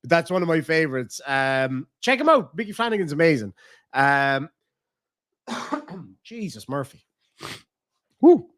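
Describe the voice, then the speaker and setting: A man's voice: a little high, very animated, measured pace, long pauses, a bit bright, no room sound, studio quality. A man with a Cork Irish accent, chatting casually on a live stream, rambling and swearing freely as he thinks aloud. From Ireland.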